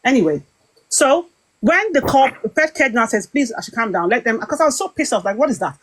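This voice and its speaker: A British woman talking casually, retelling a heated group-call dispute in an animated, aggrieved way with many quoted exchanges. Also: on the high side, fairly quick. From Britain. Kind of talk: casual storytelling to viewers.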